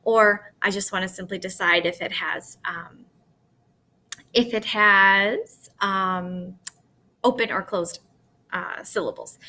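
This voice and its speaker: Woman teacher recording a lesson, bright voice, slow and patient, keeps asking okay?. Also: mid-range voice, a little hiss or hum. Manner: patient, explaining step by step with frequent "okay?".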